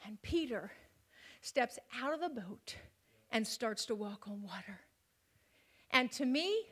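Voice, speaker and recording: A woman preaching a sermon, swinging from loud, rising passages to hushed near-whispers. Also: a little high, lively intonation, takes it slowly, pauses often.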